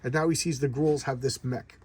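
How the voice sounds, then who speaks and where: A man's voice: medium pitch, steady tone, fairly quick, darkish tone, breathy edge. A man casually recapping a comic book's plot in a rambling, enthusiastic way, often repeating words and using lots of fillers. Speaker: comic book reviewer. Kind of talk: casual chat.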